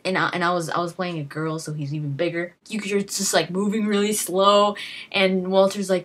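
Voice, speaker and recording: A young woman talks through her favorite game moments in a loose, rambling way, full of "like" and restarts. Her voice sits a little low and sounds husky. She jumps into quoting characters as she goes. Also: steady tone, fairly quick. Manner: rambling, lots of fillers and restarts, acts out quotes. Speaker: gaming vlogger. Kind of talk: casual storytelling.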